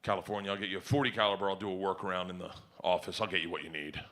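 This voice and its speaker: A man putting on a low, flat, gruff voice for a deadpan male gun dealer in a live stand-up bit. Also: rapid-fire. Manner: low, gravelly, flat delivery. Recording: live club with audience noise.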